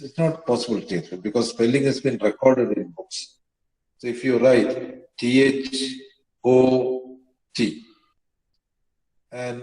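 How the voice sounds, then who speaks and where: A man's voice: mid-range voice, darkish tone, reverberant, low-quality recording. A man lecturing on the history of English pronunciation, hesitating often with fillers and spelling words out letter by letter. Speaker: teacher.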